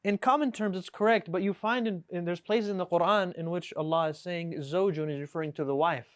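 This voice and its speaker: A man's voice: sits high, fairly quick, clean tone. A man teaching an Arabic class to students, explaining words patiently, often checking with "right?" and reading example sentences aloud. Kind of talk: classroom lesson.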